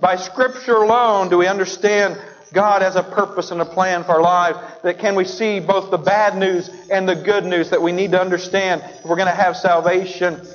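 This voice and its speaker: Man, pastor, sermon, high voice, long hall reverb. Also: steady tone, moderate pace, muffled recording. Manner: storytelling, acts out the characters in the story. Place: church sanctuary.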